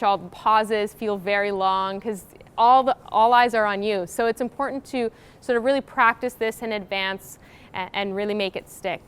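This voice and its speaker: A young woman co-leads a university workshop, walking listeners through her own speaking habits. Her voice is smooth and clear, sitting a bit high, and she talks casually with soft fillers. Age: young adult. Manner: casual, uses fillers like sort of. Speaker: graduate student co-presenter. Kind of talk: workshop explanation.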